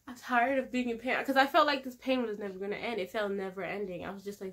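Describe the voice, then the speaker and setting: A young woman, telling a personal story in a casual vlog, candid and animated, often laughing and acting out her own pleas. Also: fairly high pitch, fast talker. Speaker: vlogger.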